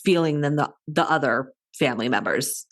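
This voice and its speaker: A woman's voice: low-pitched, moderate pace. A woman co-hosting a podcast, animatedly retelling a film's scenes in casual chat. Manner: animated retelling with quoted voices. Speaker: podcast co-host. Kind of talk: casual movie discussion.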